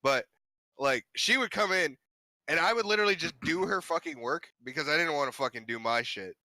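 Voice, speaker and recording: A man's voice: a little high, lively intonation, fairly quick, sharp tone, no room sound. A young man co-hosting a casual chat, telling rambling, profane stories with mock rants. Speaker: podcast co-host.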